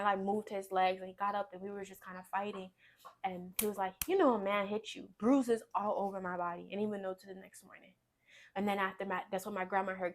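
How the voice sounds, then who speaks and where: Woman, personal testimony, halting and rambling, many restarts, mid-pitched voice. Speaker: guest sharing her testimony.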